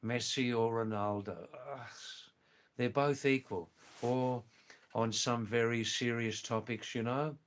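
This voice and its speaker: An older retired man from England and Australia chats to his live stream viewers. He speaks at an unhurried, slow pace in a mid-range voice. He repeats himself gently as he reads their messages. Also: medium pitch, steady tone. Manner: slow, gentle and repetitive, often says "you know" and "yes". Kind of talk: live stream chat reading viewer comments.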